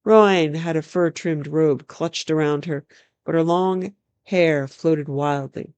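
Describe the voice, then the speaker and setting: A storyteller reading a fantasy novel aloud in a measured, even narration. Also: medium pitch, clean tone, no echo.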